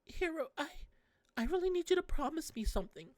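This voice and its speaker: A woman voicing a distraught, depressed young woman in a game, swearing and lashing out through a high, lively voice. The sound is close and dry, with no room around it. It is intense and raw throughout. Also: a little fast, no echo. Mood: pleading.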